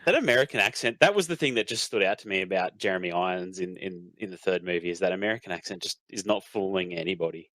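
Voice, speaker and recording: A man's voice: deep voice, lively intonation, fast, hardly any pauses, a bit bright, dry recording. A man hosting a casual film podcast, leading the topics and filling with "like". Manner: leads topics, leans on "like". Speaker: podcast host.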